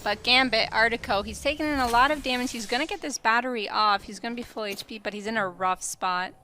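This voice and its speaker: A woman's voice: a little high, fast talker, sharp tone, slight background noise. A woman from Canada giving color commentary on an esports tournament, friendly with light self-deprecating humor. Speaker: esports analyst.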